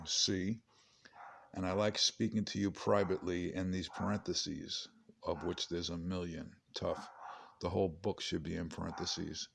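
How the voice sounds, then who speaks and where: Deep gravelly guy, late 50s, rambling through his own memoir with lots of jokey asides. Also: flat delivery, unhurried, fairly bright tone, a little hiss or hum. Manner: chatty, digressive, wry asides. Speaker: author reading his memoir. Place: home.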